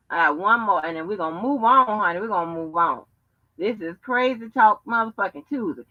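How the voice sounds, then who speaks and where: A woman's voice: medium pitch, expressive, a little fast. A woman hosting a live stream, ranting brashly with heavy cursing and taunts at her listeners. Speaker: show host. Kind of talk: profane live-stream rant. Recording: dull lo-fi stream audio.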